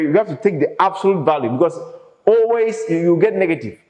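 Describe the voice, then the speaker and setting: A man's voice: on the high side, expressive, fairly quick, mellow, lo-fi sound. A man teaching an economics lesson in an emphatic way, asking the class questions and then answering them himself. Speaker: economics lecturer. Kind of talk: classroom lecture. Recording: echoey reverberant room.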